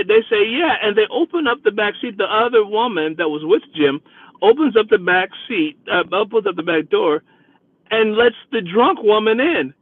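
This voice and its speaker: A man with a fairly high voice hosts his vlog, retelling a ride in a chatty, animated way. The sound is dry and close. It has the thin, narrow band of a phone line. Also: no echo. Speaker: rideshare driver and vlog host. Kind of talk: casual storytelling.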